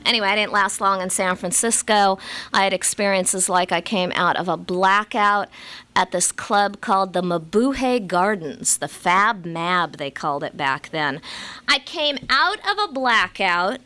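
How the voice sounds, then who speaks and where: A woman's voice: medium pitch, animated, measured pace, bright, forceful tone, clean tone. A woman from Los Angeles telling her own story as a recovery meeting speaker, with wry, self-mocking humor. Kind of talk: personal storytelling talk to a live audience.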